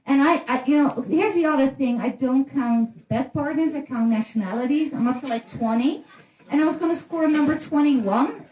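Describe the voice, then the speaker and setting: A woman's voice: high-pitched, a little mellow, muffled recording. A woman rambles through crude, self-mocking stand-up stories. Her talk is loose and profane, full of restarts. The room around her is roomy and echoey. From Netherlands. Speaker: stand-up comedian. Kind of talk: casual stand-up storytelling. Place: room in a private house. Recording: roomy echo.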